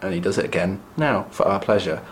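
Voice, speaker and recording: A man's voice: sits low, lively intonation, fast talker. A man talks casually and wryly as a podcast co-host, with a dry humor that keeps teasing. A faint hiss of ambient noise sits under his voice. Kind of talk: casual chat recapping a play.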